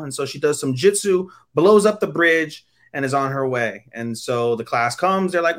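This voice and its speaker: A man's voice: on the high side, lively intonation, normal speed, hardly any pauses, fairly bright tone. A man co-hosting a podcast, giving crude, rambling episode recaps full of fillers. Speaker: podcast co-host. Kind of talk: casual chat.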